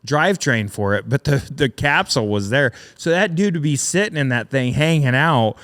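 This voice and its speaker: A man's voice: mid-range voice, animated, normal speed, a bit bright. A middle-aged man, a welder and military veteran, telling rambling, profane war stories with frequent laughs as a podcast guest. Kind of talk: casual storytelling.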